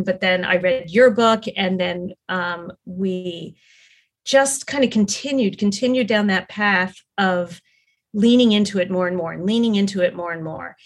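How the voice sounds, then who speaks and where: A middle-aged woman talking as a podcast guest, telling her story in an earnest, rambling way with many fillers and restarts. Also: mid-range voice. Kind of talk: casual conversational storytelling.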